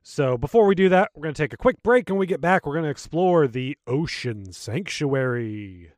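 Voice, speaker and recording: Higher-voiced man narrating gameplay. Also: normal speed, dry recording. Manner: relaxed, narrates gameplay, jokes. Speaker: podcast co-host. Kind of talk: casual gaming chat.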